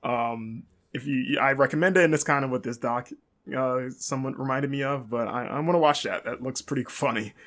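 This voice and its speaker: A man's voice: medium pitch, moderate pace, fairly bright tone. A man hosting a podcast, giving a casual, rambling recap and leaning heavily on "like" and other fillers. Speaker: podcast host.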